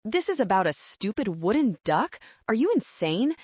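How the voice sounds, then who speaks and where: A woman's voice: medium pitch, big pitch swings, moderate pace, breathy edge, no echo, voice pushed up. A woman reading a scornful, angry father. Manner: shouting, scornful. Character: roaring angry older father, contemptuous.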